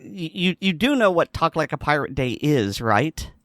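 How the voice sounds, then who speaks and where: A man's voice: a little high, big pitch swings, moderate pace, fairly bright tone, no echo. A man co-hosting a casual podcast chat, teasing and telling jokes. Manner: teasing, joking. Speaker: podcast co-host.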